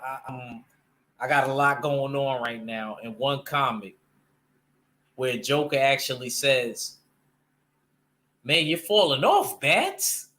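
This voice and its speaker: A man's voice: medium pitch, bright, forceful tone. A man chatting casually and animatedly about comics, using loose slang and restarting his sentences often. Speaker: panel guest discussing comics. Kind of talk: casual chat.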